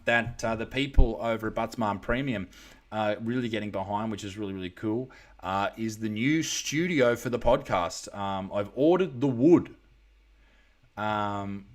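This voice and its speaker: An Australian man rambles his way through a casual live stream. He reads viewer comments aloud and swears freely as he chats. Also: on the low side.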